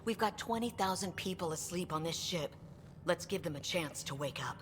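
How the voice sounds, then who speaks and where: A woman plays a no-nonsense American starship captain with a low voice. She gives firm orders, and the game audio has a long reverb over faint ship ambience. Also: expressive, normal speed, background noise, natural voice. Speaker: ship's captain. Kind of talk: video game dialogue.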